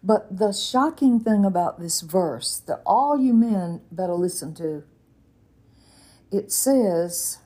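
A woman's voice: mid-range voice, expressive, takes it slowly, dark tone, breathy edge. A woman in her eighties teaching a Bible lesson in an earnest, folksy way, with exclamations and stern warnings. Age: 80s.

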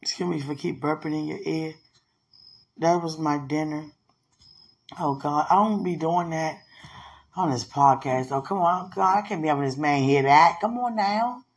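A woman in casual, heartfelt talk with her partner, emotional and prayerful, often soft and murmured, with easy laughs. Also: sits low, moderate pace, slightly rough. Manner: laughs easily, playful.

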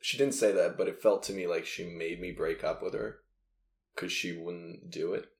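Man, very low voice, dry wisecracking host; echoey room. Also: fairly even intonation, normal speed. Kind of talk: casual conversation. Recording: roomy echo.

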